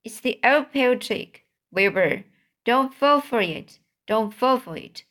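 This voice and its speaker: A woman reading a storybook, voicing an excitable, bossy goose who barks urgent orders and repeats them. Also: a little high, slow, voice pushed up. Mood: warning.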